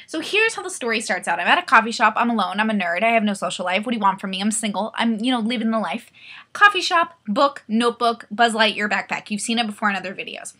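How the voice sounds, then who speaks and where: A young woman in her twenties tells a wild story straight to camera, swearing and acting out every person she meets. Her voice is bright and forceful and sits a little high. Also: fast. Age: 20s. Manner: animated, profane, acts out quoted voices. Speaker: vlogger. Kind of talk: comedic storytelling vlog.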